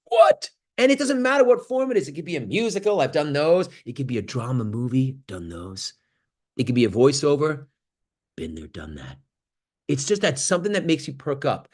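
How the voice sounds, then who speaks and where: A man giving an animated motivational talk on a video call, swinging from loud exclamations to near-whispers. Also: medium pitch, moderate pace, husky. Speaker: guest speaker on an acting workshop call.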